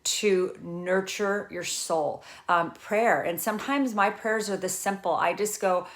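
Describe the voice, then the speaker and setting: A woman's voice: medium pitch, fairly even intonation, normal speed, fairly bright tone. A middle-aged woman coach talking casually to camera, earnest and rambling, full of fillers and restarts. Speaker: trauma recovery coach.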